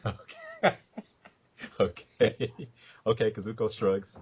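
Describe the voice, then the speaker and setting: Husky, deep-voiced tabletop player. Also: male voice, flat delivery, slow pace. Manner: laughs a lot, hesitant, filler-heavy. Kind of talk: tabletop role-play, casual. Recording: dull, lo-fi sound.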